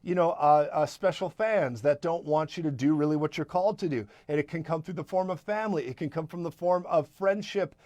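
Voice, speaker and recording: Male broadcast preacher, fervent and emphatic, fairly high voice, dry close sound. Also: a little mellow, no echo, highs cut off. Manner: fervent, emphatic, with quick asides and repetitions. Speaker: prophetic minister and broadcast host.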